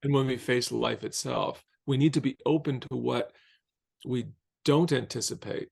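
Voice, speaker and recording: A man who teaches philosophy, a podcast guest explaining ideas in a measured, reflective way. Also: mid-range voice, creaky, a little mellow, breathy edge. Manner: thoughtful, measured, slows down on key phrases.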